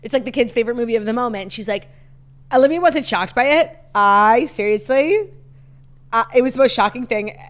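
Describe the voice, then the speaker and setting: A woman co-hosting a podcast, telling stories in an animated, chatty way with many filler "likes". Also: fairly high pitch, a little fast. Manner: chatty, animated storytelling with frequent "like". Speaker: podcast co-host. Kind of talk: casual chat.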